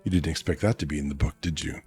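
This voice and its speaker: A man's voice: extremely low pitch, quick pace, darkish tone, faint music behind. A man streaming a casual read-aloud of a novel, chatting in asides and correcting his own slips.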